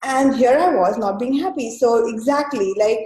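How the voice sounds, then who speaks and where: A woman's voice: a little high, moderate pace, a little mellow, reverberant, rough recording. A woman guest telling her own story in an interview, hesitant and full of fillers and restarts. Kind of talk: conversational storytelling.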